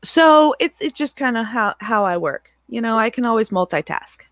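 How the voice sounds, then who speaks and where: A woman's voice: fairly high pitch, normal speed, no echo. Young woman streamer, chatty and laughing a lot, dry close mic. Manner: chatty, laughs often, animated storyteller. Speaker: streamer and channel moderator. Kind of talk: casual livestream chat.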